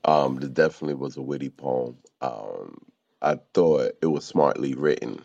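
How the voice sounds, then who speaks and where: Very deep, gravelly, hesitant man. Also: moderate pace, darkish tone, dry recording, lo-fi sound. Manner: hesitant, many "um"s. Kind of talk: casual critique.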